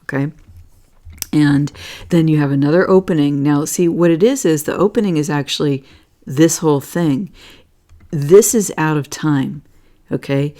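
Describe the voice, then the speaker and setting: A woman's voice: sits low, normal speed, pauses often, mellow. A woman hosting an astrology and energy talk, rambling casually with lots of fillers and frequent "okay?" check-ins. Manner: earnest, gets emotional. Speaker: astrology and energy reading host. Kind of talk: casual spiritual talk over charts.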